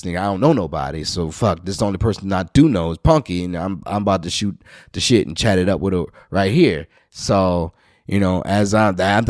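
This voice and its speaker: Man, low voice, dry close sound, profane storyteller, podcast host. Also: dry recording. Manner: profane, animated storytelling, voice climbs high and loud when worked up.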